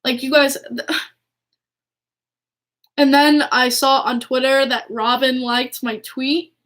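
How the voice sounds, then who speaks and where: Excitable high-voiced young woman. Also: slow pace. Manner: excitable, gushing, many restarts and fillers. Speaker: hockey fan vlogger. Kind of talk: casual chat to camera.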